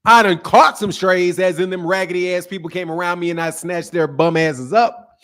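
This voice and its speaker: Brash, high-voiced trash-talking man. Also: steady tone, normal speed. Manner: brash, trash-talking, laughs often, swings from loud to low. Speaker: boxing channel host. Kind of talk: live stream commentary with viewer chat.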